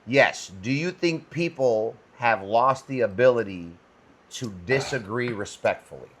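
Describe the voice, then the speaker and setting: Brief: male podcast co-host, laid-back and agreeable, bright, forward tone. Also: medium pitch, lively intonation, unhurried, a little hiss or hum. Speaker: podcast co-host, security instructor. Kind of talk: casual podcast chat.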